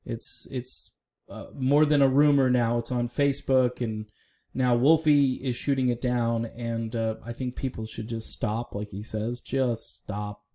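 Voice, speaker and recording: A man's voice: medium pitch, fairly even intonation, a little slow, dark tone. A man giving casual, opinionated solo commentary on music news, talking straight to viewers with frequent fillers.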